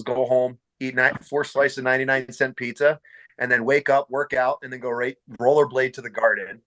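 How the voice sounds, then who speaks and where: Man, bright voice, casual podcast chat, swears a lot, lively storyteller. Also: mid-range voice. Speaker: podcast host.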